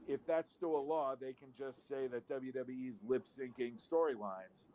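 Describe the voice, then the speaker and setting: A man's voice: mid-range voice, normal speed, a crowd in the background. A man on a live call-in show, rambling wryly in casual chat and swearing now and then.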